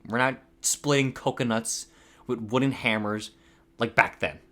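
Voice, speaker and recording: A man's voice: medium pitch, fairly even intonation, unhurried, a bit bright. A young man from Hawaii telling a rambling story on his podcast. He swears a lot, laughs at himself and his voice cracks now and then. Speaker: podcast host. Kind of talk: casual storytelling.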